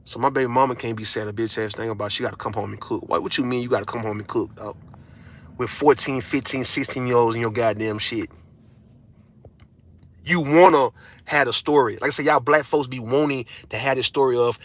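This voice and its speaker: A man speaking at an ordinary pitch, delivering a blunt, profane rant straight to his audience. He lectures like a father, circling back to the same phrases to hammer each point home. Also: a little fast, fairly bright tone, no room sound. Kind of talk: casual ranting monologue.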